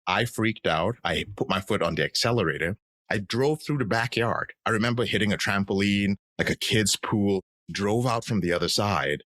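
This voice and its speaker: A man's voice: fairly low pitch, moderate pace, a bit bright, no room sound. A man in his thirties, a podcast guest, telling his personal story in an earnest, reflective way. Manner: earnest, reflective, acts out quoted voices.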